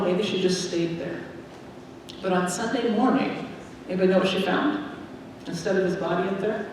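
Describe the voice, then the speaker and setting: Woman, minister, gentle children's storytelling, long church reverb, distant mic, faint hiss. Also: lowish voice. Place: large church sanctuary. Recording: echoey sanctuary from far off.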